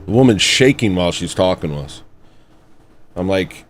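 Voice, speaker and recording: A man hosting a satirical livestream, telling stories in a sarcastic, deadpan way from a room at home. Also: low voice, normal speed, faint music behind. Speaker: livestream host.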